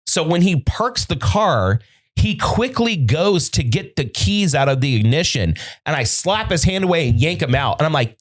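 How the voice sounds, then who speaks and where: A man with a fairly high, lively voice spins a story in casual podcast chat, swearing freely and acting out what everyone said. His pitch leaps around as he slips into the voices of the people in his story. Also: normal speed. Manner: profane, animated storyteller acting out quoted dialogue. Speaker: podcast host. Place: podcast studio.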